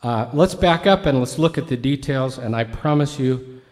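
A man's voice: medium pitch, moderate pace, darkish tone. A man preaching a sermon as a pastor, teaching in a conversational way with asides to his congregation.

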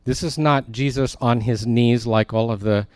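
A man's voice: medium pitch, steady tone, normal speed, darkish tone, dry recording, studio quality. A male pastor preaching a sermon in a conversational way, with emphatic asides as he reads and explains scripture.

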